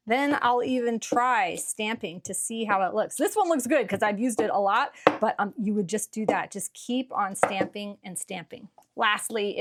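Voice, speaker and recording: Chatty woman teaching crafts. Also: mid-range voice. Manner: chatty and encouraging, with frequent fillers. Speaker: card-making channel host. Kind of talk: relaxed craft tutorial.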